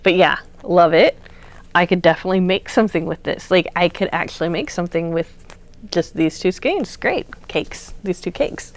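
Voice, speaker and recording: A woman's voice: fairly low pitch, moderate pace. A woman hosting a craft channel, chatting casually and gushing as she shows off yarn, with plenty of fillers. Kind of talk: casual unboxing chat.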